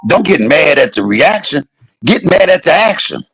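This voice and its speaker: A man in his fifties rants to his viewers in a gravelly voice. His pitch swings widely and his words come out husky, heated and full of curses, and he hammers the same points again and again. The sound is close and dry. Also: very animated, normal speed, fairly bright tone, no room sound, soft background music, rough recording. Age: 50s. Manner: heated, cursing, repeats points for emphasis. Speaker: vlogger. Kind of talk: angry profane rant to camera.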